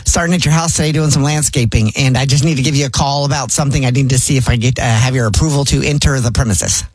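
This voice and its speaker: A radio host playing a rambling, flustered landscaper. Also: male voice, mid-range voice, fast, husky, no echo, soft background music. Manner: hesitant, full of ums and restarts. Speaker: prank caller. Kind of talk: prank phone call.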